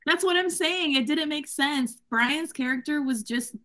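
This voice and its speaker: A woman co-hosting a book club podcast in casual chat, animated and profane, acting out quotes and laughing often. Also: sits high, a little slow. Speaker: podcast co-host.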